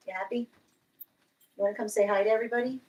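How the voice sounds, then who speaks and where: A woman giving live-streamed tarot readings, chatty and quick to laugh, cooing at her cat between readings at home. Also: medium pitch, fairly even intonation, a little mellow. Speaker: tarot reader.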